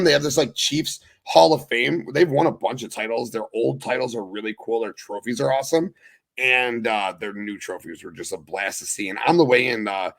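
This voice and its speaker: Gravelly, excitable podcast host man. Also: mid-range voice. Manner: loose, swearing, excitable. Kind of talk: casual sports talk.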